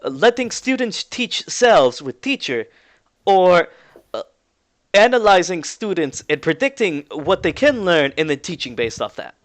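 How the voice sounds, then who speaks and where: A man's voice: sits high, very animated, a little slow, voice pushed up. A man voicing an earnest, stubborn male teacher with a put-on Russian accent and broken English in a tabletop game. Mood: questioning.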